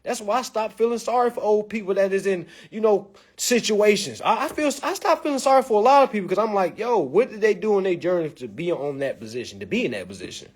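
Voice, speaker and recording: A man's voice: sits high, animated, fast, hardly any pauses. A man delivering a blunt, profane, preachy rant in a monologue. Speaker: vlog commentator. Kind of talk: ranting monologue.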